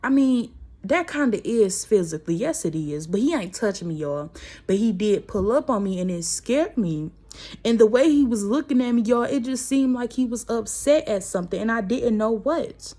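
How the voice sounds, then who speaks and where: A woman's voice: a little high, animated, normal speed, dark tone. Emotional young woman telling her story. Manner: emotional, addresses viewers as "y'all", holding back tears. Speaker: vlogger telling a personal story. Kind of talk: casual storytime vlog.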